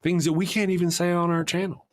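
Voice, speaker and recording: A man's voice: high voice, little pitch movement, quick pace. Chuckling male podcast host. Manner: laughs often, reads viewer super chats aloud. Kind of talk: casual livestream chat.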